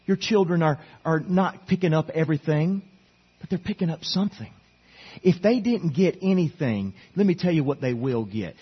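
Preaching to his own church in the sanctuary, a middle-aged pastor pleads earnestly and keeps urging his listeners over and over. His voice sits on the high side with a slightly rough quality, and the audio is dull.

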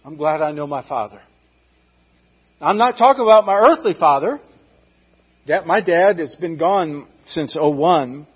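A man's voice: sits high, breathy edge, highs cut off. A middle-aged American man preaching a sermon, telling folksy stories and talking straight to the congregation. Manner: folksy storytelling, addresses the congregation directly.

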